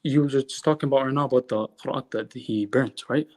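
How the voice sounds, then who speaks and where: Husky man arguing in halting bursts. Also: mid-range voice, a little mellow. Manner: halting, repeats words, insists on being heard. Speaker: caller. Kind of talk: call-in debate.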